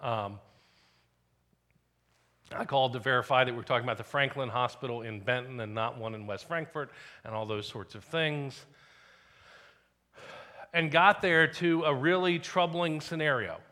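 Bright-voiced pastor telling a story. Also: male voice, mid-range voice, moderate pace, long pauses. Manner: conversational storytelling with dips to quiet asides. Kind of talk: sermon.

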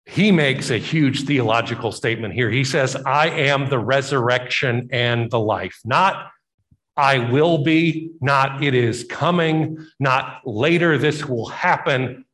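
A man's voice: mid-range voice, slow, a bit bright. Man preaching a storytelling sermon. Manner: storytelling, voices Bible figures in quotes, emphatic repetition. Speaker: pastor.

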